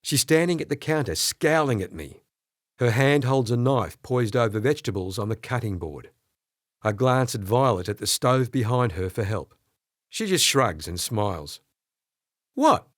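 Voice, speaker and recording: A man narrating an audiobook in the first person, expressive and storytelling. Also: mid-range voice, normal speed, no echo, studio quality. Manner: expressive storytelling with character voices.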